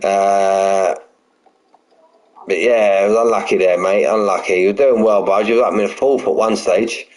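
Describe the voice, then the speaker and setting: A man's voice: low-pitched, steady tone, moderate pace, darkish tone, poor audio. A man commentating a sim racing league, casual and chatty, calling drivers "mate" and saying he's buzzing for them. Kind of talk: live race commentary and chat.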